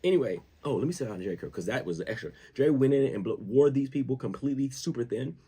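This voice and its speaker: A male show host giving casual sports commentary, animated and repeating words for emphasis. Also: mid-range voice, quick pace, husky.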